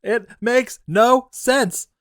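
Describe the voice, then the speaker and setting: A man co-hosting a casual movie-review podcast, talking in an animated, profane way and acting out scenes in funny voices. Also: very high voice, drawn-out words, no echo, studio quality. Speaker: podcast co-host.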